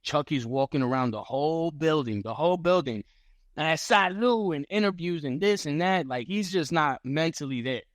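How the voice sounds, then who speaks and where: A man on a podcast as a guest fighter, telling a story in casual chat, animated and profane, acting out what others said. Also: a little high, moderate pace, dry recording, clean studio sound. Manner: animated, profane, acts out quotes.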